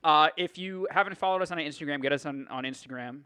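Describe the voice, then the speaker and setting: A man's voice: on the high side, fast, pushed and bright, clear, resonant tone. A man co-hosting a casual podcast chat, brash and teasing, swearing freely as he plugs things. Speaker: podcast co-host.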